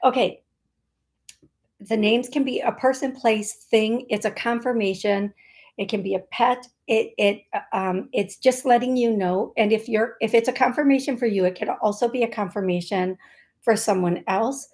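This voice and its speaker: A woman's voice: fairly high pitch, moderate pace, darkish tone. A woman hosting a live psychic reading, rambling and playful, laughing often and spelling out names as she goes. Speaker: psychic medium host.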